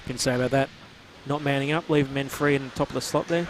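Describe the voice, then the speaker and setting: A man's voice: mid-range voice, fairly even intonation, crowd noise, rough recording. A man giving casual, joking colour commentary at a live hockey game. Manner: chatty, joking, quick asides.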